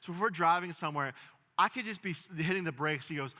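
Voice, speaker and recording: A man's voice: a little high, quick pace, bright, forceful tone. A man in his thirties preaching a sermon in a church, telling stories, joking and drawing the congregation in. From Pittsburgh, USA. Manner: storytelling, jokey, works the crowd. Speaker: pastor. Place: large church hall. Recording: long hall reverb.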